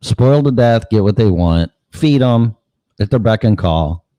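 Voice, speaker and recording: A man's voice: lowish voice, expressive, unhurried, dark tone, no echo, muffled recording. A man hosting a show in a casual, rambling monologue, cursing freely and asking rhetorical questions. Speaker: show host.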